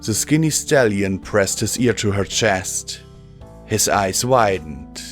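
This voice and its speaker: A low-pitched man narrating a fan-fiction audiobook. He reads in measured, steady tones, with faint music underneath. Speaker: audiobook reader.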